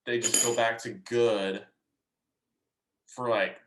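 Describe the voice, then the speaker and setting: A man's voice: medium pitch, steady tone, slow, noisy background. A man co-hosting a casual sports podcast, giving opinions hesitantly and often restarting his words. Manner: hesitant, repeats words while thinking. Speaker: podcast co-host.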